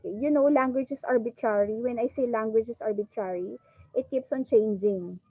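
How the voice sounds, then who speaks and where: Over dull, lo-fi video-call audio with no room sound, a Filipino teacher runs an online class, repeating "okay" often while she drills pronunciation. She speaks a little fast in a voice that sits on the high side.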